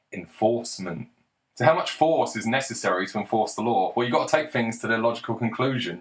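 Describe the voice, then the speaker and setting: A man giving a blunt, combative political commentary monologue, swearing often and arguing with rhetorical questions. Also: lowish voice.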